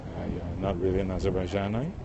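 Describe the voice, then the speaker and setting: A man's voice: sits low, steady tone, fast talker, creaky, highs cut off. A middle-aged man, chatting casually on a live stream and greeting viewers one by one from outdoors on a riverbank, speaking into his phone. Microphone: phone held by the streamer. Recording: wind noise on a phone mic outdoors.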